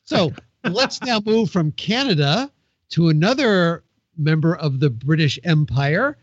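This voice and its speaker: A man's voice: on the high side, animated, unhurried, breathy edge, dry recording, lo-fi sound. A man co-hosting a casual podcast, reading news items and joking with the others. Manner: jokey, laughs and whoops often.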